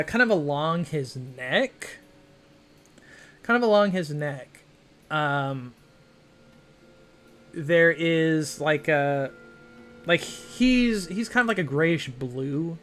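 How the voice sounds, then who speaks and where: A man's voice: a little high, fairly bright tone. A man narrating as game master of a tabletop game, rambling with many fillers and hedges.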